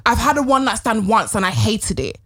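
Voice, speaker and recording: British woman guest, blunt and teasing, slightly high voice that swings around, faint hiss. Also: very animated, fairly quick, a bit bright. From Britain. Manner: blunt, teasing, swears freely. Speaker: guest broadcaster. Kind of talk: casual chat.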